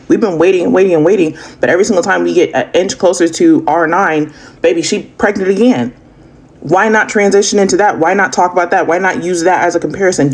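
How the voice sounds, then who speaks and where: A man giving video commentary, emphatic and firing off rhetorical questions. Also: a little high.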